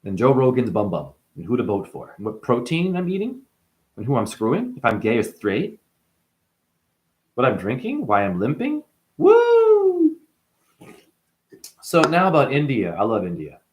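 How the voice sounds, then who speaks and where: A man rambles to the camera in a boastful monologue, casting himself as a spiritual guru. His voice keeps lurching from loud, emphatic bursts down to low, muttered asides. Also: big pitch swings, normal speed. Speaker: self-styled spiritual guru.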